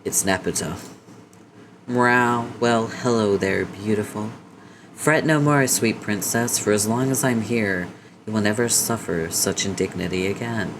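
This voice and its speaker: Male reader voicing a dramatic, chivalrous cat-person, soft and low. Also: a little slow, noisy background. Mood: gallant. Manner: courtly, theatrical. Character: gallant flowery cat-person suitor.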